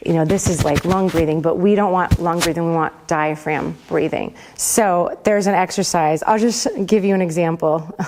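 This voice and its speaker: A woman leads a vocal class in a casual, rambling way, laughing often as she talks. Her voice sits a little low for a woman. She speaks to a group in the room. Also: steady tone, normal speed, darkish tone, a little hiss or hum. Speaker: worship pastor teaching a vocal class. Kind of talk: casual teaching talk.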